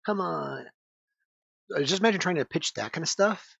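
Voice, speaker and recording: A man's voice: fairly high pitch, animated, normal speed, vocal fry, a bit bright, dry recording. A man on a casual podcast, rambling in crude banter with lots of fillers and swearing. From United States. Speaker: podcast co-host. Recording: dull lo-fi dry sound.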